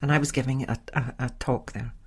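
A middle-aged woman hosting a podcast, telling a personal story in a chatty, animated way. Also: a bass voice, a little fast, husky. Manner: chatty, animated, with sighs and laughs. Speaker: podcast host. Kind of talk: casual storytelling monologue.

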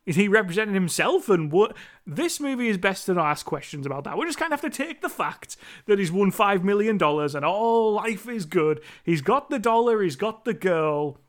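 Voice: mid-range voice, big pitch swings, normal speed. A movie reviewer talking through a film in a rambling, chatty monologue, swearing casually now and then.

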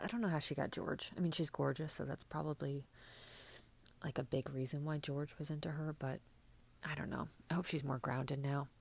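A young woman hosts a podcast recapping reality TV, chatting casually and sarcastically with plenty of fillers. Her voice is low and gravelly.

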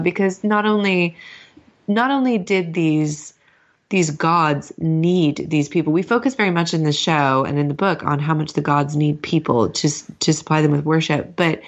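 A woman co-hosting a podcast in casual chat, speaking in a thoughtful, measured way. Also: sits low. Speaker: podcast co-host, mythology expert. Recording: slightly dull, lo-fi sound.

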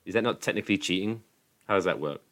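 A man's voice: low-pitched, quick pace, fairly bright tone. A man hosting a podcast in casual chat, blunt and sweary, asking wry questions. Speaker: podcast host.

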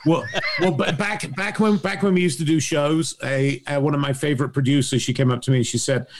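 A man's voice: on the high side, steady tone, fairly quick. A man with an English accent, chatting casually on a podcast, dry and teasing, with careful wording. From England. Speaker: podcast guest. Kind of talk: casual group chat.

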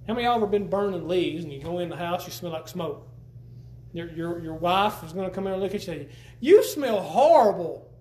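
A man's voice: high voice, quick pace. A man preaching a sermon in a church, folksy and emphatic, often repeating words as he teaches. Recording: roomy church echo.

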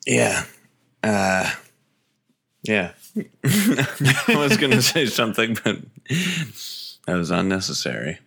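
Male co-host, low and bright-toned, playful riffing. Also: very animated, slow, gravelly, long pauses, slightly rough. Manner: giggly, jumps in with silly additions. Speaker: podcast co-host. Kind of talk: casual comedic riffing.

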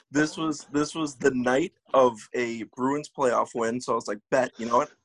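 Husky young man telling a wild story. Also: mid-range voice, fairly even intonation, normal speed, a bit bright, no room sound, rough recording. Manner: rambling, profane, laughing storytelling. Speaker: podcast host. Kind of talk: casual storytelling chat.

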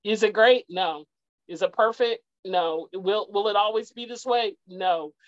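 A woman's voice: mid-range voice, measured pace, no room sound. Woman, interview guest, earnest, repeats phrases, dry, muffled lo-fi sound. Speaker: guest, parent. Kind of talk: heartfelt conversational interview.

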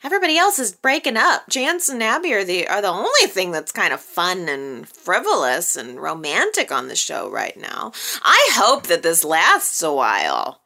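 A woman's voice: fairly low pitch, wildly swooping pitch, moderate pace, hardly any pauses, pushed and bright. A woman hosting a soap opera recap, chatting casually and playfully, often laughing at her own jokes. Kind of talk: casual chat.

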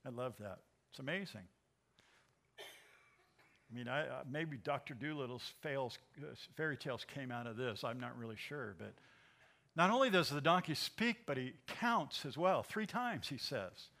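Animated older preacher with a bright voice. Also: male voice, mid-range voice, normal speed, vocal fry. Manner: animated storytelling, chuckling often. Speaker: pastor. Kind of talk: sermon.

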